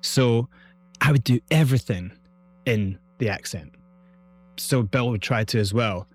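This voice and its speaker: A Scottish man, a guest in an interview, telling his story in a lively, vivid way. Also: mid-range voice, a little slow, husky. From Scotland.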